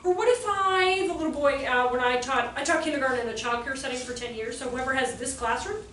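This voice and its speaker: High-voiced sassy woman trainer, echoey room. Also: quick pace. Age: 40s. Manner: lively, sassy storytelling, acts out kids' voices. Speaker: behavior trainer. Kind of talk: workshop talk to childcare staff. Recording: echoey room, distant mic, faint noise.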